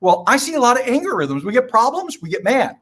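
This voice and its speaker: An older man with a notably high-pitched voice talks as a podcast guest. He drives his points home in short, emphatic, preachy phrases and often slips into stories. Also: sing-song, fast, a bit bright, slightly rough. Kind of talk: motivational podcast talk.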